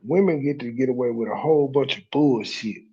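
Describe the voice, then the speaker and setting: A man with a mellow, dark voice gives mocking reaction commentary full of swearing. His talk is blunt and scornful, and the recording sounds a little dull and lo-fi. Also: mid-range voice, fairly quick.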